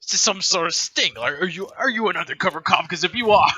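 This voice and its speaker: A man's voice: fairly low pitch, expressive, normal speed, bright, forceful tone, voice pushed down, heavily acted. A man growling as a sneering scaly thug. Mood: suspicious. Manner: mocking, threatening. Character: sneering scaly male tavern thug, hostile and paranoid.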